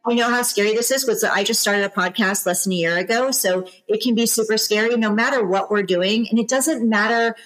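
A woman's voice: fairly high pitch, brisk, few pauses, a bit bright, low-quality recording. A woman business coach speaking as a podcast guest, earnest and encouraging, with frequent restarts. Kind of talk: casual podcast interview.

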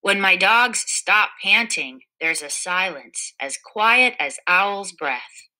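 Slow, bright-voiced woman reading a storybook. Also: mid-range voice, lively intonation, rough recording. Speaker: storybook reader. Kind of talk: children's picture book read-aloud.

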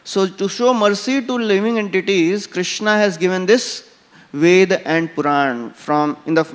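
A man's voice: sits high, measured pace. A man with an Indian English accent giving a scripture class and telling stories, with frequent "you know" fillers. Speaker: temple lecturer. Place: large temple hall. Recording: temple hall with long reverb.

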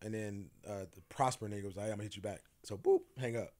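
Man telling a lively story. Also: fairly low pitch, quick pace. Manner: animated, acts out quoted dialogue, laughs often. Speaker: podcast guest. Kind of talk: casual storytelling.

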